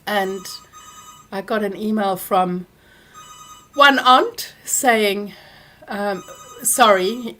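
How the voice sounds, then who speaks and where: A woman, hosting a live Q&A and telling a personal story, animated when she acts out what others said. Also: mid-range voice. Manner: animated when acting out quoted people. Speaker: workshop host answering questions.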